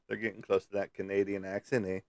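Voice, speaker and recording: A man's voice: fairly low pitch, a little fast, creaky, darkish tone, no room sound. A man hosting a casual livestream, rambling in a folksy way and chuckling as he answers viewer comments. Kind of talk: casual chat.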